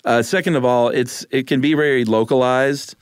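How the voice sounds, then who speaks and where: A man co-hosting a podcast chats casually, teasing his partner and laughing often. His mid-range voice is clear and resonant, with fairly even intonation at a normal speed. The recording is dry, with clean studio sound.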